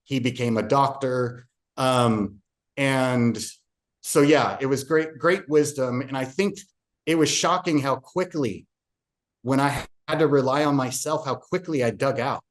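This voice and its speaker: An unhurried, medium-pitched man, a real estate agent appearing as a podcast guest, earnestly tells a personal story full of fillers and restarts.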